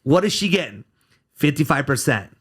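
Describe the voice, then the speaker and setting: A man's voice: on the high side, sing-song, moderate pace, fairly bright tone, husky. A man who works as a criminal defense attorney, guesting on a podcast and talking bluntly and sarcastically, cursing freely. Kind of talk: casual podcast interview.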